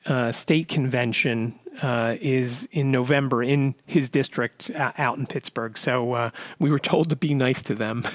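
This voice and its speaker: Male podcast host, mid pitch, chatty and halting, dry close-mic read. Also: no echo. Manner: rambling, many fillers and restarts. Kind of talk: casual storytelling monologue.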